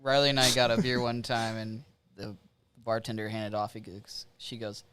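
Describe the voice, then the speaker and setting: A man's voice: fairly low pitch, level tone, moderate pace, fairly bright tone, clean tone, no room sound. An American man co-hosting a podcast, talking with hesitant fillers. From United States. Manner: hesitant, uses many fillers. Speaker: podcast co-host. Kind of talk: casual chat.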